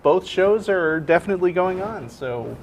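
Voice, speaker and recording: A man co-hosting a live call-in TV show in a studio, talking in a relaxed, hesitant way with many fillers. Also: high-pitched, moderate pace, crowd noise. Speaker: co-host. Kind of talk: casual chat.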